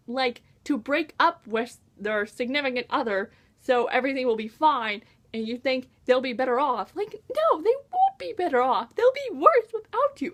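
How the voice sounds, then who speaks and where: A young woman talks through a novel in a casual vlog. Her voice sits high and swoops up and down, with a gushing, exasperated manner and many exclamations. She sounds like an excited fan venting about the story. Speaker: book reviewer. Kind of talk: casual book review vlog.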